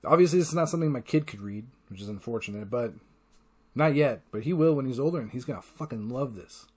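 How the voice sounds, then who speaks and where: A man's voice: medium pitch, lively intonation, darkish tone, husky. A man hosting a casual solo podcast, rambling with enthusiasm and swearing freely. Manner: enthusiastic, profane, rambling retelling; acts out character lines in quick voices. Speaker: podcast host.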